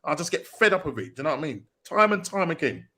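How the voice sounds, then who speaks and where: A man chats casually about football on a podcast. His voice sits a little high for a man, and his delivery is chatty, with quick back-and-forth fillers. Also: big pitch swings, sharp tone, slightly rough. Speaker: podcast co-host.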